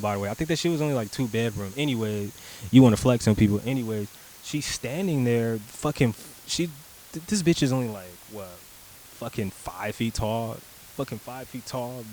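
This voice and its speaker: A man's voice: medium pitch, darkish tone, a little hiss or hum, poor audio. A young man casually telling a personal story, rambling and profane, with lots of filler words, acting out his own replies. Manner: rambling and profane, heavy use of "like", acts out his own lines.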